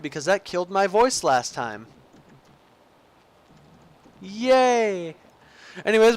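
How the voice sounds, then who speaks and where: A young man plays a game and reads its narration aloud himself in a let's play, goofy and rambling with slips and restarts. His voice is high-pitched, clear and resonant.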